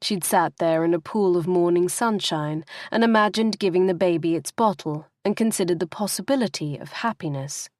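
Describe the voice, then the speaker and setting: In a dry, clean studio recording, a woman with a fairly low pitch reads an audiobook aloud. Her scripted narration is steady and expressive.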